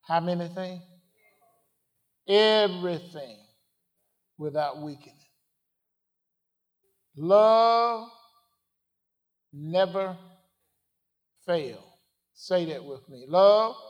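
A man preaching a sermon, asking the congregation questions and swinging from quiet asides to loud declarations. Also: on the high side. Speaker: pastor.

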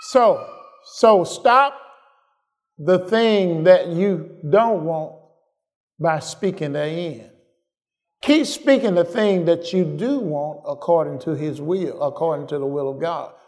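A male preacher with a fairly high voice delivers his sermon at a slow, deliberate pace. He repeats his phrases for emphasis and keeps asking the congregation whether he is right.

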